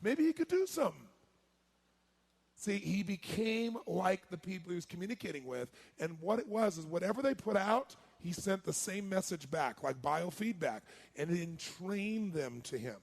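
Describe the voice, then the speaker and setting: Raspy energetic seminar speaker man. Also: high voice, moderate pace, few pauses. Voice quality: raspy, gravelly. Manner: energetic, quizzing the audience. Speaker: motivational speaker. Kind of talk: live seminar talk.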